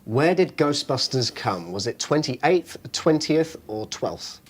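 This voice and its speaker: Lively husky male host. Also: medium pitch, slow. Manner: quizzing, playful, laughs along. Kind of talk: casual chat.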